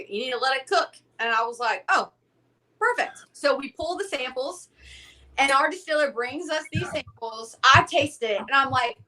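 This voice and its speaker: A young woman, a guest from a whiskey company, telling a story in a casual interview and acting out the dialogue. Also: high voice. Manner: animated, acts out quoted dialogue.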